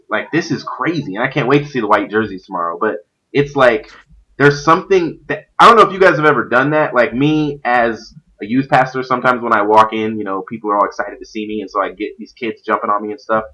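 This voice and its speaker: A stream host who works as a youth pastor gives a casual, animated chat about competitive gaming, rambling with many fillers. The recording of his mid-range voice is muffled.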